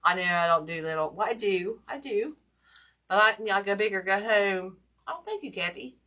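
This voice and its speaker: A woman's voice: mid-range voice, animated, normal speed, pushed and bright. A woman, chatting casually to viewers while demonstrating a craft project live. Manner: chatty, talks to viewers directly, self-deprecating. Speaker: wreath-making class host.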